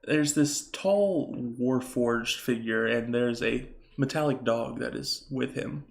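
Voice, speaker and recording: A man running a tabletop game as game master, explaining the scene in a relaxed, casual way. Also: mid-range voice, slow, creaky.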